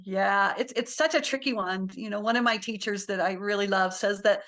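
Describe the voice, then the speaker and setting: A woman's voice: mid-range voice, normal speed, fairly bright tone. A middle-aged woman, a parenting guest, talking casually and laughing often as she acts out little quotes. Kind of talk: casual interview talk.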